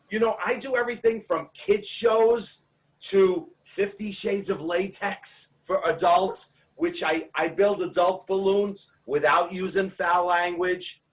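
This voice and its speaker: An older man, a balloon artist chatting as a guest in a jokey, exuberant way with loud bursts over a video call. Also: high voice, distant mic, rough recording. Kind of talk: comic casual chat.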